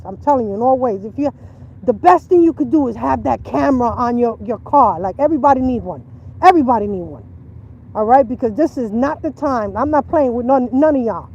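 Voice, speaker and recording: Outdoors by a river, a woman talks on a casual livestream in an animated, emphatic manner, repeating herself for stress. Her voice sits high, and the recording is muffled.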